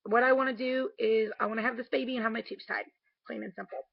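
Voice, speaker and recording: A woman speaks straight into her camera at home late at night in a candid, emotional way, with the odd casual swear. Her voice is fairly high, gravelly and husky. It is close and dry but dull and lo-fi. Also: fairly even intonation, fast talker, dry recording. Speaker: vlogger. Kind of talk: casual video diary.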